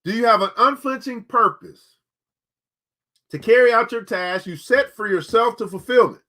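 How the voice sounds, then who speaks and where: Between book readings, a U.S. man hosting a show delivers motivational commentary in a sharp, extremely high-pitched voice at a moderate speed. He talks to his listeners directly in a colloquial, preachy way, hammering home key phrases through repetition.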